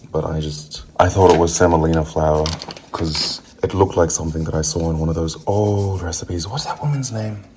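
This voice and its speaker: A New Zealand man with a very deep voice hosts a home cooking video, chatting casually and wandering into asides and filler words. Noticeable background noise runs beneath the recording.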